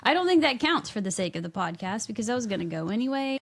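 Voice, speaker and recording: A woman's voice: a little high, sing-song, fast talker, creaky. A middle-aged woman co-hosting a podcast, telling a story in casual chat and laughing as she goes. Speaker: podcast co-host.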